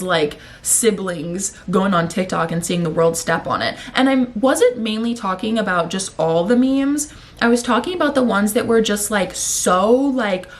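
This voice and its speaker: A young woman talks straight to her camera in a loose, rambling way, swearing freely and getting emotional. Her throat is sore and she sounds a little out of breath as she goes. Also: mid-range voice. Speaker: vlogger. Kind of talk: casual chat to camera.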